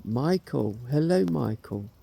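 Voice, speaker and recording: A middle-aged man on a ghost hunt, calling out slowly and coaxingly to spirits and asking their names. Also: medium pitch, lively intonation, vocal fry, warm tone, slightly rough. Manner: slow, coaxing questions to spirits. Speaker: paranormal investigator.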